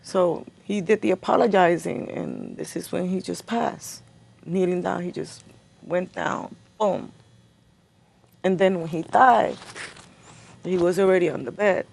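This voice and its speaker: A middle-aged woman giving a personal account as an interview guest, halting and repeating words as she remembers. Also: on the low side, steady tone, vocal fry, darkish tone.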